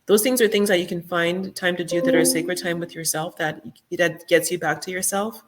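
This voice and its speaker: A middle-aged woman talking as a podcast guest in a casual interview, reflective and soft-spoken, with many fillers. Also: on the low side, fairly even intonation, moderate pace, very noisy.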